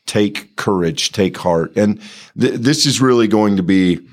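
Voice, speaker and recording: Deep-voiced man musing over scripture. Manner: thoughtful, halting, restarts phrases. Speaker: bible study co-host. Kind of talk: conversational bible commentary.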